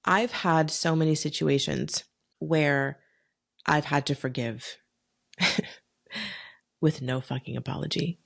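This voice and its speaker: Young woman podcaster, low voice, swears a lot, just talking it out. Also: slow pace, vocal fry, pauses often. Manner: frank and profane, animated storytelling. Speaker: podcast host. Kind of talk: candid solo podcast storytelling.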